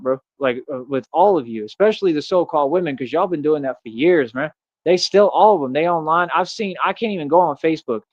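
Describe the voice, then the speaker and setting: A man delivers a rambling livestream monologue, circling back to the same points again and again and tossing in "bro" and "man" constantly. His voice sits on the higher side. The sound is dull and lo-fi, with a dry room around him. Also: no echo. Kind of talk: casual monologue rant. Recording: dull lo-fi stream audio.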